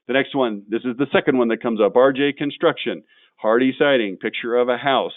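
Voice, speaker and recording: A man presenting a marketing webinar, blunt and quick to get worked up as he tears into examples. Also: mid-range voice, no echo, narrow, tinny audio. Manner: blunt, gets worked up and ranting.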